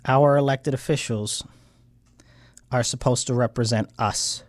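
A man's voice: medium pitch, fairly even intonation, a little slow, dry recording. Frustrated American man ranting on a livestream. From United States. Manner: frustrated, rambling, swings into heated outbursts. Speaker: livestream host. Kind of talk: casual political livestream rant.

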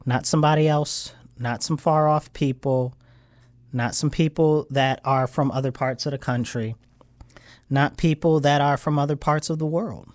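A man's voice: a little high, steady tone, moderate pace, darkish tone, no echo. An American man hosting a casual livestream, rambling and frustrated, his voice swinging up into heated outbursts. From United States. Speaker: livestream host. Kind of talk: casual political livestream rant.

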